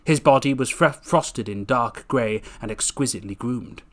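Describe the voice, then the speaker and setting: A man's voice: medium pitch, moderate pace, a bit bright. A man reading his own book aloud casually, tripping over words and correcting himself with jokey asides.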